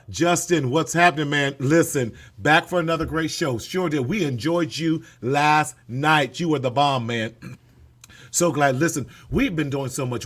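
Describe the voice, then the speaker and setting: Male show host, loud and hype, slightly high voice, whoops a lot, casual banter over a video call. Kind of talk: lively casual show talk. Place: California.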